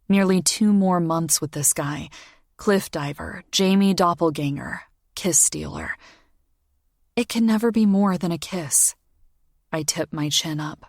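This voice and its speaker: A woman narrating a romance audiobook in a measured, intimate first-person reading. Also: deep voice, dry recording, studio quality. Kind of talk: scripted narration.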